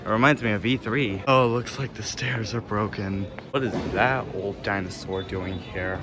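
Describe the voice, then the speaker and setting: A man giving casual, excitable commentary as he explores a game and jokes along the way. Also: on the low side, normal speed. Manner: chatty, excitable, jokey narration while exploring. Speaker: gaming vlogger. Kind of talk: casual let's-play commentary. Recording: noticeable background noise.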